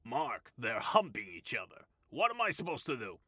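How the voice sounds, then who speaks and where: A man voicing a gruff, officious, short and balding store manager with a rambling, wheedling manner in an audiobook. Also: mid-range voice, huge pitch swings, normal speed, sharp tone, no room sound, studio quality, pitched above the performer's own voice, full character voice. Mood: pleading, flustered. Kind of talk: audiobook character voice.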